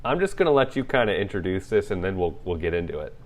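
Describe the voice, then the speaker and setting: A young man co-hosting a casual podcast chat, teasing in a dry, low-key way. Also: sing-song, fast. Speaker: podcast co-host.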